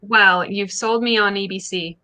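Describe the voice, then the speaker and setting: A woman from the United States answering quick questions over a video call in an easygoing, chatty way. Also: mid-range voice, steady tone, sharp tone. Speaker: new staff member being interviewed. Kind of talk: casual video call chat.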